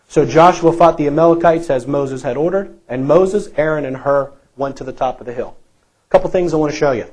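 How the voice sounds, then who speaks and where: A man's voice: fairly high pitch, normal speed, darkish tone, rough recording. A male pastor preaching a sermon in a church, emphatic and repetitive, asking the congregation rhetorical questions.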